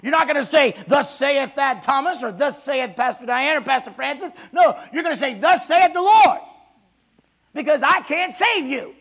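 A man's voice: extremely high pitch, lively intonation, moderate pace, a bit bright. A man preaching a sermon as pastor, emphatic and calling for responses from the congregation.

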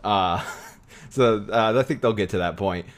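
A man's voice: fairly low pitch, unhurried. A man hosting a casual film podcast, chatty, with frequent laughs and many fillers. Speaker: podcast host.

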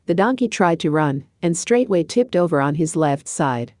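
A woman reads a children's storybook aloud in an even, measured way. Her voice is low, and the recording is dry and close. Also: no echo. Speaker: narrator. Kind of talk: scripted storybook narration.

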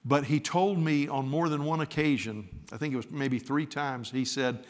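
A man's voice: mid-range voice, steady tone, moderate pace. An older male preacher delivering a sermon, telling a heartfelt personal story and rising into fervent exhortation. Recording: reverberant hall.

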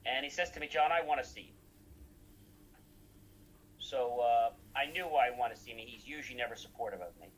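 A man's voice: medium pitch, brisk, long pauses, slight background noise, rough recording. A man recounting anecdotes in a casual talk, acting out the dialogue he quotes.

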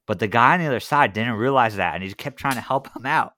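A male podcast host telling a story in a casual, animated way. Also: mid-range voice, fast, dry recording, studio quality. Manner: animated, laughing retelling.

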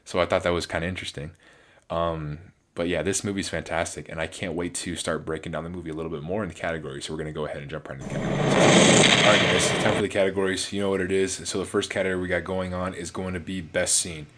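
A man's voice: sits low, fairly even intonation, fast talker, fairly bright tone, slight background noise. A man giving a casual, rambling movie review on his channel, full of fillers and restarts.

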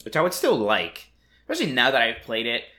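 Bright, teasing male podcast host. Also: mid-range voice, huge pitch swings, fairly quick. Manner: joking, teasing banter. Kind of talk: casual chat.

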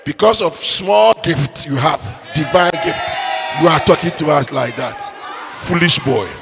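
A man voicing an exasperated African mother who loudly scolds her son with sharp rhetorical questions, in an echoey church hall. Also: on the high side, very animated, fast, a crowd in the background, pitched below the performer's own voice. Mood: scolding.

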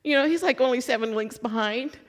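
A woman from Louisville giving a sermon as a lively personal story, acting out her own excitement and letdown. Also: fairly high pitch, brisk. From Louisville, Kentucky. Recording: long hall reverb.

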